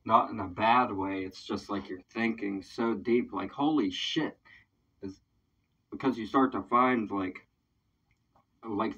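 Slow-talking man, dull distant mic. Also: on the low side, husky. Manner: excitable, swears freely, fills with "like". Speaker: reaction video host, independent artist. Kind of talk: casual reaction commentary.

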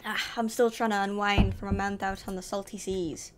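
A woman voicing a hearty old male fisherman in a booming, forced-low voice with a rough seafaring twang. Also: flat delivery, quick pace, noisy background, close to an everyday voice.

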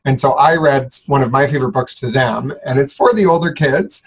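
Husky-voiced man chatting easily with students. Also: mid-range voice, fairly quick, low-quality recording. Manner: relaxed, with frequent "uh" and "um". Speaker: school staff member. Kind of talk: casual chat to students.

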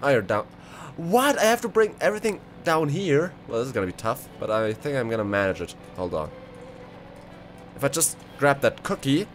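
A man giving excitable let's play commentary, exclaiming and rambling as he goes. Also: medium pitch, normal speed. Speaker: gaming video creator. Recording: clear background game noise.

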